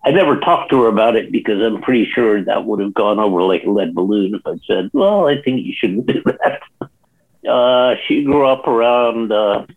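Man, interview clip, plain and measured, phone-quality audio. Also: lowish voice. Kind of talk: recorded interview. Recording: tinny phone-like line.

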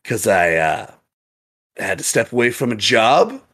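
Young adult man, gaming streamer; casual, profane storyteller with a very lively, swinging pitch. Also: measured pace, slightly rough. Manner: animated, profane, laughing storyteller.

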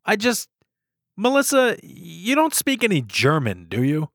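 A young man directing friends in a film shoot, eager, excitable and stammering. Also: high-pitched, measured pace, gravelly, no echo, clean studio sound. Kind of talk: casual banter.

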